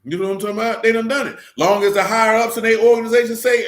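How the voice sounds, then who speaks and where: A man's voice: sits high, steady tone, very fast, fairly bright tone. A man talking in a casual, preaching way, emphatic and fond of rhetorical questions. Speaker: religious discussion leader. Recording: echoey room.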